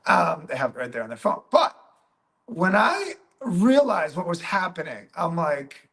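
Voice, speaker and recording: A man's voice: on the high side, unhurried, vocal fry. A man, a physical therapist, teaching through a patient story, often checking in with "right?" and "okay?" and acting out what he said back then. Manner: animated, peppers talk with "right?" and "okay?"; acts out his own past remarks. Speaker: physical therapist and clinic coach.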